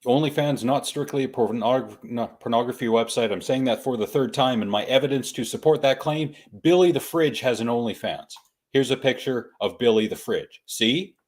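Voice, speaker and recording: A man hosting a casual podcast, reading out stories in a mock-formal way and addressing listeners as good people. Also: medium pitch. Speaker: podcast host.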